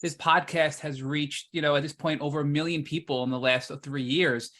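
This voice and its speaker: Man co-host, highish, bright voice, earnest and heartfelt. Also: steady tone, moderate pace. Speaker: podcast co-host. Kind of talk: podcast interview.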